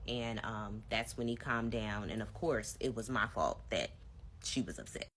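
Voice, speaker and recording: A woman with a notably low, deep voice tells her own story in a relaxed storytime vlog. She chats directly to her viewers. Her delivery is casual and conversational. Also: unhurried, a little hiss or hum. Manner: chatty, addresses viewers directly.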